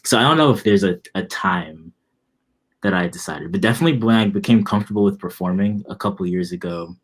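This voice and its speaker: Low husky young man, rambling. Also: quick pace. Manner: relaxed, rambling, many fillers. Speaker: musician guest. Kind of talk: casual interview.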